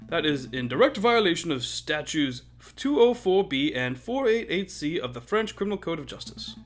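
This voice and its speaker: A pompous bird lawyer declares in stiff, formal legalese, as a man acts him out in a game. His pitch leaps up and down. Faint music plays behind him. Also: a bit bright. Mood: commanding. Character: pompous bird defense attorney, male, sharp.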